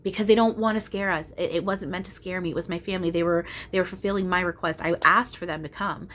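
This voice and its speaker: A young woman talking casually and earnestly at home about her spiritual experiences, animated, with frequent restarts and bursts of laughter. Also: lowish voice, quick pace. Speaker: spiritual channeler and video host. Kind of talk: casual spiritual chat to camera. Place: at home, small room.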